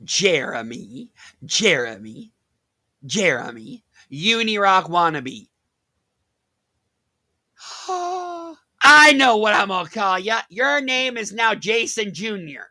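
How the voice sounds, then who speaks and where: Animated sarcastic man ranting. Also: high voice, slow pace, pauses often, dry recording. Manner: animated, sarcastic, laughs at his critic. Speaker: vlogger. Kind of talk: mocking rant.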